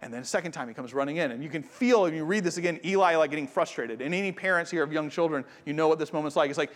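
A pastor preaching a sermon, talking conversationally and directly to the congregation. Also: male voice, a little high, animated, fast. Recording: long hall reverb.

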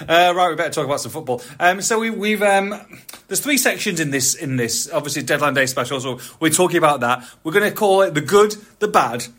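Chatty man in his forties, slightly high voice. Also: fairly quick. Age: 40s. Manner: chatty, animated storyteller, laughs often. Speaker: podcast host. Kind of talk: casual chat.

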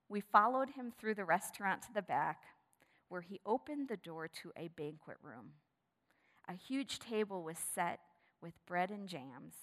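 A woman preaching a sermon, telling a story with animation and then turning hushed and prayerful. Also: fairly low pitch, animated, a little slow. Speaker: pastor. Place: church sanctuary. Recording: long reverb of a large hall.

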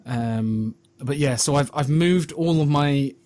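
A middle-aged man and father talking casually on a podcast, halting and wry. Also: mid-range voice, a little mellow. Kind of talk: casual chat.

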